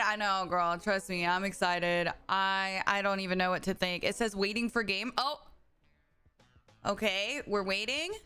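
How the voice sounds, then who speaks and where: A woman livestreaming, chatting casually and excitedly with her viewers. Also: on the low side, normal speed, clear, resonant tone, soft background music. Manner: excitable, chatty, talks straight to her chat. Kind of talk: casual live-stream chat.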